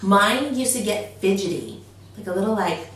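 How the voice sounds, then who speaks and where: A young woman chatting about parenting as a co-host, animated and quick to slip into playful voices for the babies. She sits at a distance from the mic in a very echoey room. A faint hiss runs underneath. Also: medium pitch. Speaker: co-host giving parenting advice. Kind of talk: casual advice chat.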